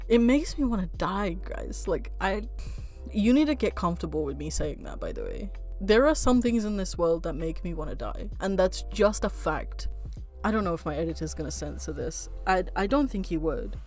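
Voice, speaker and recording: A woman's voice: mid-range voice, moderate pace, soft background music. A woman vlogger talking to camera in a frank, heated rant, swearing freely and laughing at herself. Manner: blunt, swearing, frank rants; heated, animated. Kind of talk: casual chat to camera.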